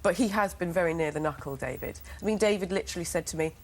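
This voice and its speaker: An English woman as a guest on a TV studio sofa, telling lively anecdotes and acting out what people said. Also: lowish voice, fast. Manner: lively storyteller, acts out quotes. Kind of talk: chatty showbiz interview anecdotes.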